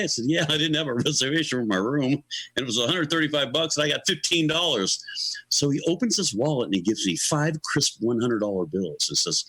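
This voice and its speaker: This is a middle-aged or older man telling a story in an interview. His voice is bright and very animated, leaping up and down as he acts out the people in the tale. He chuckles as he goes, and the sound is dry and close to the mic. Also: mid-range voice, brisk, no room sound, low-quality recording. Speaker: guest musician.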